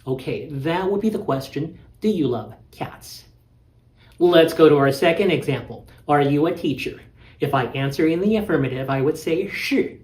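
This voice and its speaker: A man's voice: a little high, expressive, moderate pace, a little mellow. Man lecturing patiently in an echoey room. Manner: patient, methodical, stresses key words. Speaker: language teacher. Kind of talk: explanatory lecture.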